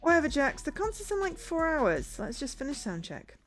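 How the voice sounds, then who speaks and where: A woman's voice: on the low side, lively intonation, quick pace, a little mellow, soft background music. A woman voicing a tired young male band leader who sounds weary and defensive.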